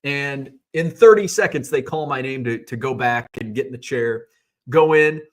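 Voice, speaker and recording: A man's voice: mid-range voice, normal speed. A man telling a personal story in a rambling, casual way, with loose swearing and plenty of quoted back-and-forth. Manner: rambling, conversational, swears casually, retells scenes in quoted voices. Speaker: hobby vlogger.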